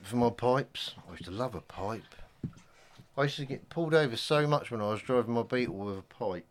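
A man's voice: medium pitch, expressive, brisk. A man telling a rambling anecdote in casual chat, often acting out what people said. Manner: chatty anecdote-teller, slips into quoted voices.

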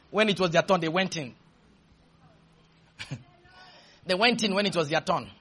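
A man preaching a sermon, shouting dramatic lines and leading the congregation in call-and-response. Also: high voice, expressive, unhurried, slightly rough.

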